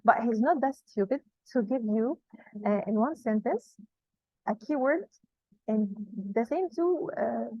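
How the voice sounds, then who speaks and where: Higher-voiced woman teaching grammar, dry and dull. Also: dry recording. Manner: repeats rules slowly and with emphasis. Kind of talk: classroom grammar lesson.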